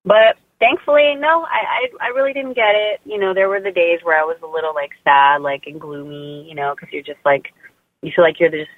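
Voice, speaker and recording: Woman guest, casual and warm-hearted talker, lots of fillers, heard over a tinny phone line. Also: lowish voice, fairly quick, dry recording. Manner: chatty, heartfelt, lots of "you know" and "like". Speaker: guest mother sharing birth story.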